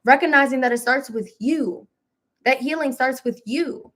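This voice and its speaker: A woman hosting a spiritual live stream, talking casually and encouragingly with some laughs and relaxed colloquial phrasing. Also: high voice, normal speed. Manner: warm, chatty, with laughs, mild self-deprecation and AAVE phrasing.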